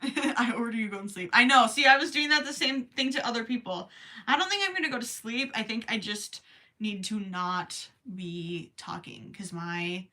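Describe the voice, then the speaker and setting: A woman's voice: fairly high pitch, moderate pace, sharp tone. A young woman with a Minnesotan accent, chatting and giggling on a livestream while she crochets, tired and worried about losing her voice late at night. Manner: giggly, chatty, reading viewer comments aloud. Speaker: livestream host.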